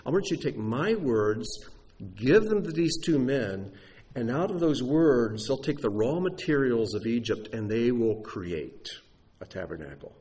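Man, preacher, sermon, animated teaching, very lively pitch. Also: a little slow. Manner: animated teaching delivery, spelling out Hebrew words.

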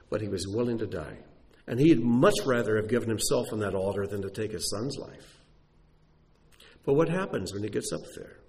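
A man's voice: mid-range voice, darkish tone. A man preaching a sermon who tells stories with emphasis and asks rhetorical questions.

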